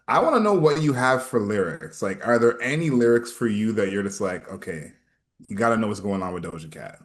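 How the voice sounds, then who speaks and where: A man's voice: lowish voice, lively intonation, brisk. A man co-hosting an album review show, talking enthusiastically and repeating words as he builds his points. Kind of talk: casual music review chat.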